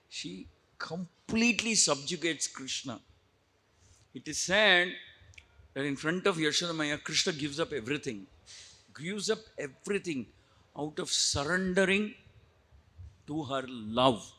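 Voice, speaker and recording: A man, a preacher giving an animated devotional storytelling lecture. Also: a little high.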